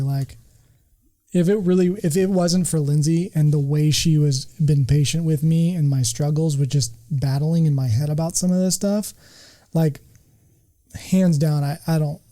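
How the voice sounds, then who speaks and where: A returning regular guest on a casual podcast, this man speaks earnestly and emphatically in terms of faith. His voice is fairly high and dark-toned, and the recording is rough.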